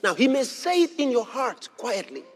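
A man preaching a sermon, reading scripture aloud and repeating key phrases with emphasis, sometimes bursting into shouts. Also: very high voice, sing-song, moderate pace. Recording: long hall reverb.

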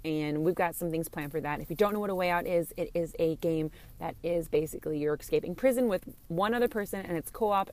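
A young woman hosting a candid solo podcast, recorded in a car, talking in a gushing, chatty way full of "like". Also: fairly low pitch. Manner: gushing, chatty, lots of "like" and "freaking". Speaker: podcast host and streamer.

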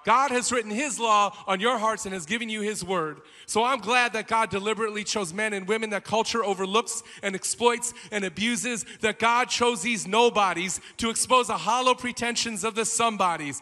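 Pastor guy preaching at a conference, high and really bright, lots of hall echo. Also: moderate pace. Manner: rousing, building to exhortation. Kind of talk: sermon. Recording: long hall reverb.

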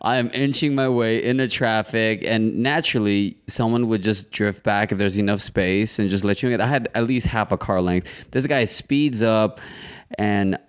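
A man's voice: fairly low pitch, steady tone, moderate pace, clean tone. A man from the United States in casual conversation, blunt and jokey, swearing freely while telling a traffic story. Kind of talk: casual chat.

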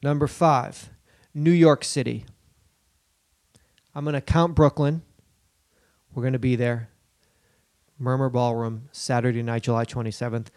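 A man's voice: medium pitch, a little slow, long pauses, no echo, studio quality. A man co-hosting a comedy podcast, riffing loosely with lots of swearing and jokey asides. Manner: animated, profane, riffing with bits and put-on voices. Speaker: podcast co-host. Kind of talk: casual comedic banter.

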